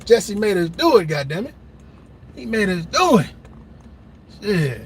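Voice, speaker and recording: Man, comedic rant, high bright voice, very lively pitch, faint background noise. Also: measured pace. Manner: loud, animated, laughing often, slipping into mock voices. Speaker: comedic commentator.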